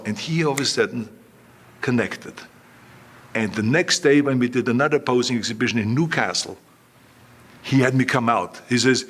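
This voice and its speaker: An older man as an interview guest, telling animated anecdotes and acting out the lines of the people he quotes. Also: medium pitch, normal speed. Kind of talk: storytelling in an interview.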